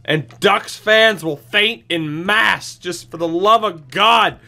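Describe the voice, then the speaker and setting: Slow, bright-voiced exasperated gamer man. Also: sits high, creaky. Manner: exasperated, pleading, swearing; sarcastic asides. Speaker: gaming channel host. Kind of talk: video game commentary.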